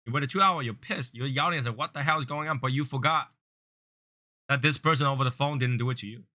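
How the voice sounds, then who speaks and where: A man hosting a cigar review channel, talking casually and earnestly, rambling and repeating himself, sometimes raising his voice to act out angry callers. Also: quick pace. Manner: grows louder and higher when acting out angry callers. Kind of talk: casual chat.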